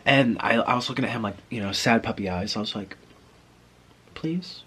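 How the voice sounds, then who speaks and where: A man's voice: on the low side, fast, a bit bright, husky. A man telling a personal story in a vlog, acting out the other people's lines as he goes. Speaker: vlogger.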